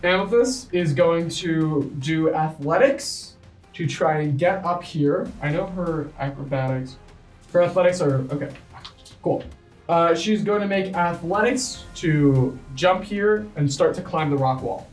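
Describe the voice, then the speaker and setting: A man's voice: a little high, faint music behind. Easygoing man narrating as game master. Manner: brisk, easygoing narration with many fillers. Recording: echoey room, far from mic.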